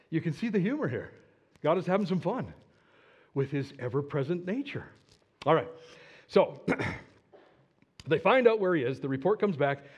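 A male preacher tells his story in a dramatic, animated way, stopping often to make asides to his listeners. His voice swings widely and sits a little high. He alternates between big, emphatic moments and quiet, dropped-down lines. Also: muffled recording. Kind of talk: storytelling sermon.

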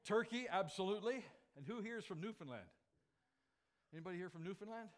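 A man preaching to his congregation, his voice sitting a little high for a man. He jokes with the room and keeps bursting into loud, stressed phrases before he drops back to an easy chatty tone. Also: fast talker. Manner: lively and joking, with sudden loud emphatic phrases. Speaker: pastor. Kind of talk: sermon.

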